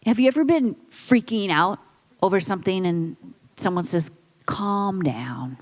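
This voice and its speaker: A woman's voice: medium pitch, expressive, moderate pace, a little mellow, poor audio. A woman pastor preaching a conversational sermon in a church, building points through repetition and quoted asides. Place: church sanctuary.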